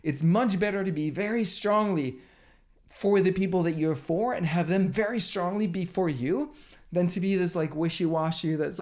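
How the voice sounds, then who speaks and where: A man hosting his channel as a business coach, giving an energetic, emphatic motivational talk to camera with casual swearing. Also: sits high, unhurried.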